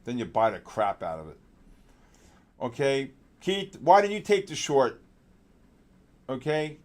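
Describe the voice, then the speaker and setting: A man hosting a live trading stream, talking excitedly with chat viewers by name and pushing them on their trades. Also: mid-range voice, unhurried. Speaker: trading show host.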